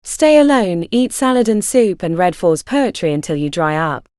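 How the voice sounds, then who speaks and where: A woman narrating a literary story in the first person, in a measured storytelling manner. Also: fairly low pitch, sing-song, a little mellow, no echo, clean studio sound.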